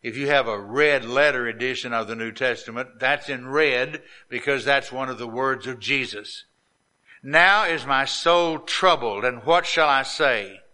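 A man preaching a sermon, reading scripture slowly and deliberately and lifting his voice on the quoted lines. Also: bright, forceful tone. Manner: reads scripture slowly, rising in pitch and volume on quoted lines; drawn-out, deliberate delivery.

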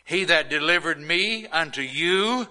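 A composed man on trial, as a preacher puts him on, gives his answer quietly and without hurry. The voice is lower and softer than the preacher's own, with every word measured. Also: expressive, full character voice, low-quality recording. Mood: calm.

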